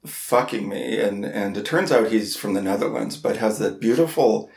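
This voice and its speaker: A man co-hosting a podcast, telling a story in casual chat, halting and repeating words, laughing at himself. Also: lowish voice, lively intonation, creaky, a little mellow, echoey room. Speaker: podcast co-host.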